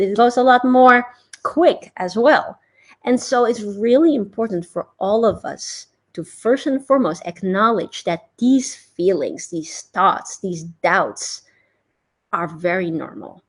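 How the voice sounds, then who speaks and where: Earnest woman giving a live pep talk. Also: on the high side. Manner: earnest, animated, acts out inner voices. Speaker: online business coach. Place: recorded for a live stream.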